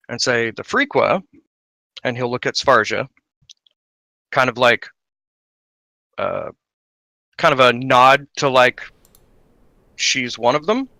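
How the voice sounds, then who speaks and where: Game master, male, halting in-character narration, bright and gravelly. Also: mid-range voice, no room sound. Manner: rambling, hesitant with many fillers.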